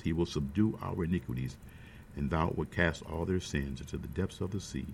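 A man's voice: rumbling low, creaky, a little hiss or hum. A man preaching a sermon, emphatic, repeating key phrases and speaking to the congregation.

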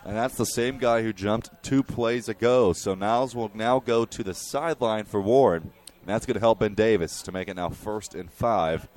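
A young man giving color commentary on a high school football game, explaining play calls like a coach. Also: moderate pace, darkish tone.

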